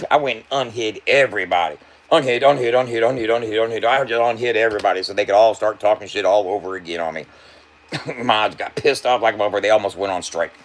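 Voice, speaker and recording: A man's voice: fairly low pitch, quick pace. A man livestreaming and talking loosely to his chat, swearing freely and laughing often. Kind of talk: casual livestream banter.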